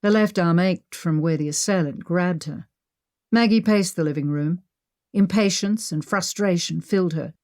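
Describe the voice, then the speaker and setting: Low-voiced woman narrating an audiobook. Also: no echo, studio quality. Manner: steady, measured.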